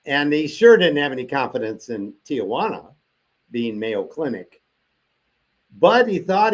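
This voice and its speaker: A man's voice: on the high side, sing-song, a little slow. An older man as an interview guest, telling a long personal story and acting out the voices of the people he quotes.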